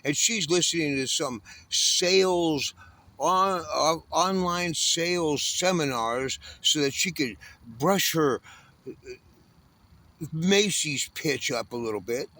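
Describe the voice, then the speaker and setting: A man's voice: on the high side, slow, pushed and bright. Bitter, profane man in his sixties. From Southern California. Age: 60s. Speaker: homeless panhandler. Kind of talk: angry ranting monologue.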